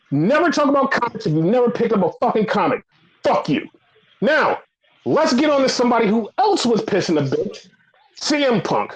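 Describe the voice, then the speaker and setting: A man with a notably high voice delivers a casual podcast rant. His talk is profane and heated, full of repeated curses and exasperated questions. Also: sing-song, moderate pace, poor audio. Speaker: wrestling podcast host.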